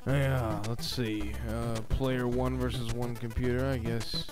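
A man's voice: mid-range voice, flat delivery, a little slow, over loud music, natural voice. A man voicing a boastful, broke, aging male pro wrestler for comedic gameplay commentary, swearing often, chuckling and calling everyone brother or dude. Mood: cocky rambling. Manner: tacks brother or dude onto nearly every phrase.

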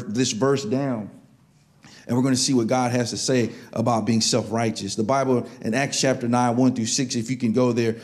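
A man's voice: mid-range voice, a little mellow. A man preaching a sermon, telling stories and repeating key words for emphasis. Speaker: pastor.

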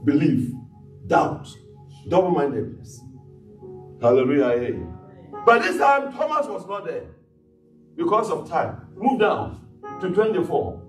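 A fairly high-voiced man preaches in a church, acting out scripture scenes and punctuating them with hallelujahs. He sounds roomy and set back from the mic. A soft instrument plays faintly behind him. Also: measured pace, long pauses, soft background music. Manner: animated preaching, retelling scripture in character voices, frequent hallelujahs. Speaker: pastor. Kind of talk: sermon. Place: church sanctuary. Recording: echoey church hall, miked from a distance.

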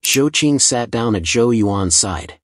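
A man narrating a fantasy story recap in a measured, scripted reading. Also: medium pitch, lively intonation, fairly bright tone, no echo, studio quality.

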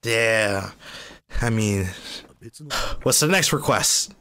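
A young man giving casual, excitable reaction commentary, often swearing and breaking into exclamations. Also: fairly low pitch, extremely slow. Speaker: anime reaction youtuber.

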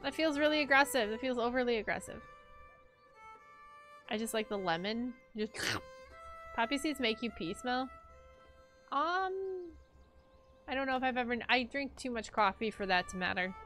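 A woman's voice: fairly high pitch, lively intonation, normal speed, pauses often, fairly bright tone. A young woman streaming a game, chatting playfully with her viewers and herself as she plays. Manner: chatty, playful, talks to herself and chat while playing. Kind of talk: casual game-stream chat. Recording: faint music behind.

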